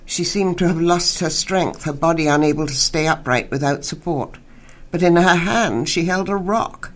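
Measured, soft-spoken woman writer from Canada. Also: low-pitched, expressive. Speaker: writer and guest. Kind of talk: interview and reading aloud.

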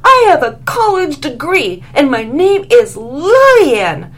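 A woman voicing a shrill, indignant young female vampire who shrieks in offense, in a read-aloud story. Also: huge pitch swings, takes it slowly, heavily acted.

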